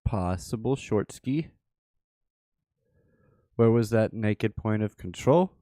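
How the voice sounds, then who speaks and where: A man's voice: lowish voice, expressive, slow pace, warm tone, no echo, clean studio sound. A man hosting a livestream, giving casual live chart commentary and thinking aloud with repeated phrases. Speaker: livestream host.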